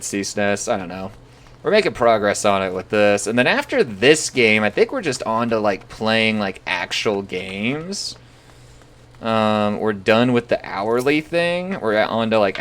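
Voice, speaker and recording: A man's voice: fairly low pitch, sing-song, measured pace, fairly bright tone. A young man talking casually on a live stream, rambling and swearing freely.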